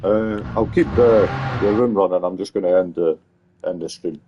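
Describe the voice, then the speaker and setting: A man's voice: low-pitched, normal speed, muffled recording, noisy background. A man streaming casually, talking in a playful, rambling, fatherly way. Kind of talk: casual stream chat with his child.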